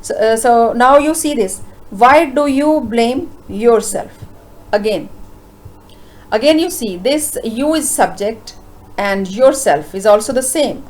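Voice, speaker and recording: Woman teacher, slightly high voice, patient grammar explainer with lots of "uh"s. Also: animated, darkish tone, low-quality recording. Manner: explains slowly with frequent uh fillers, asks rhetorical questions. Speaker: English teacher. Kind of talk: grammar lesson lecture.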